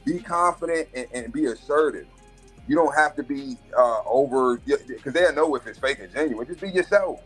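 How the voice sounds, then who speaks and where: Brash, profane man with husky voice. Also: fairly high pitch, a little fast, fairly bright tone, faint music behind. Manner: brash, swaggering, profane, acts out other voices. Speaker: live stream host. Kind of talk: profane casual storytelling rant.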